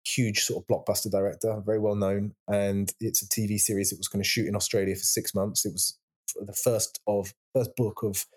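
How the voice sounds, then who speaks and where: British male guest, low-pitched, rambling chat with restarts. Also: flat delivery, fairly quick, breathy edge. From England. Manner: rambling, many restarts and repeated words. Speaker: guest, actor and writer. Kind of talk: casual interview chat.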